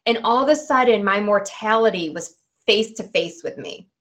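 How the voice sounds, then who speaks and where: Woman in her 40s on a podcast, chatty, lots of "like", mid pitch. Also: moderate pace. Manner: chatty, animated, peppered with "like" and "right". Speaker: guest. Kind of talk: candid personal storytelling.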